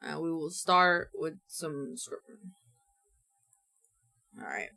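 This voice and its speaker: A woman's voice: low voice, steady tone, slow pace, creaky, sharp tone, faint music behind. A woman streamer chatting casually and goofily to her viewers as she works. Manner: goofy, rambling, talks to herself. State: hiccuping. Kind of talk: casual chat while working.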